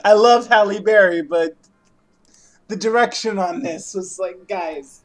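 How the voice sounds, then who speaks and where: A man's voice: sits high, unhurried. Easygoing rambling man co-hosting. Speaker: podcast co-host. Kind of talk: casual podcast chat.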